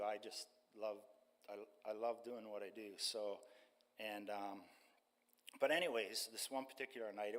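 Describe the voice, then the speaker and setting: A retired man in his sixties, a street ministry worker, telling his personal testimony to a church congregation in a halting way, with many fillers. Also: on the low side. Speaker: street ministry staff member. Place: church sanctuary. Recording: long church-hall reverb.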